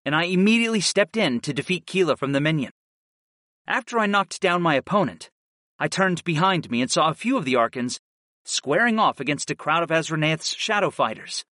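A man narrating a first-person fantasy audiobook in a steady, earnest way. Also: on the high side, no echo, studio quality.

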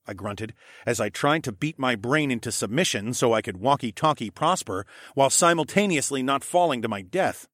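A man narrating a first-person audiobook in a wry, expressive way, shouting the dialogue of his hero. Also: on the low side, moderate pace, no echo, clean studio sound.

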